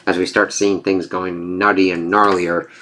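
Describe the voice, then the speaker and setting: Low voiced dude reviewing comics, casual, swears a lot. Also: male voice, flat delivery, moderate pace, bright, forceful tone.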